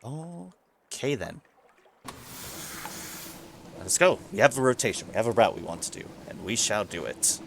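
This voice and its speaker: A man's voice: lowish voice, sing-song, moderate pace, gravelly, pauses often, slight background noise. A man streaming a video game, musing aloud about his choices and reading the game's text to himself in a casual way. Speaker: let's play streamer.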